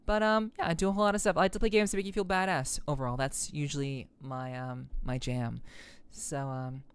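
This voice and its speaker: A woman streamer chatting casually while she plays a game, congested and stuffy-nosed, greeting viewers warmly with lots of fillers and doubled words. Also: low-pitched, fairly even intonation, a little fast, clear, resonant tone. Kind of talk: casual live-stream chat while gaming.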